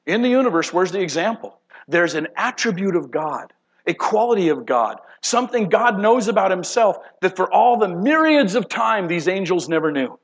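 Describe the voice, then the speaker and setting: A man preaching a sermon dramatically, shifting between loud outbursts and hushed, low passages. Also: big pitch swings, normal speed, rough recording. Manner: dramatic, acts out voices of God and angels, swings from loud to hushed. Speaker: pastor.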